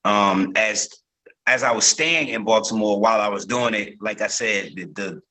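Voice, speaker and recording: Bright-voiced actor telling stories. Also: male voice, fairly low pitch, normal speed, poor audio. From Newark, New Jersey. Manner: relaxed storytelling with many fillers and restarts. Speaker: actor, podcast guest. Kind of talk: casual interview talk.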